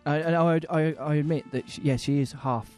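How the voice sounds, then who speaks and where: A young man with a slightly high voice hosting a relaxed comedy podcast. He talks hesitantly, with plenty of ums and uhs, and a faint wash of music sits behind him. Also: fairly quick. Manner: hesitant, filler-heavy, earnest. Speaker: podcast co-host. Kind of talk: casual comedy chat.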